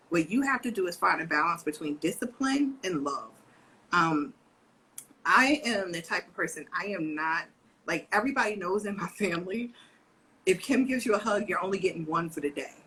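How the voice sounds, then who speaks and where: This woman, a co-host and parent educator, talks casually on a live parenting video chat in a lowish, slightly rough voice at normal speed. She's an animated storyteller who acts out voices from her family life, including her daughter's. The audio quality is poor.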